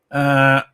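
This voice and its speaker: A man's voice: mid-range voice, vocal fry, a bit bright, clean tone. Rambling man hosting a football stream. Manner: rambling, reads viewer comments aloud. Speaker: host of a football fan channel. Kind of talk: casual live-stream chat.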